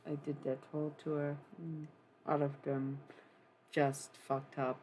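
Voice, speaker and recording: A streamer doing a put-on German accent to channel a late punk singer as a world-weary woman in a live-stream role-play, speaking slowly and haltingly with many pauses. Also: mid-range voice, flat delivery, a little mellow, slight background noise, natural voice, rough recording. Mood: wistful, defiant. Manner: slow, halting, reflective confession with many pauses.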